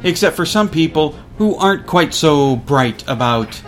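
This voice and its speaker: A man's voice: on the high side, lively intonation, measured pace, a bit bright. A man hosting a college radio show, telling a story casually and acting out other people's lines.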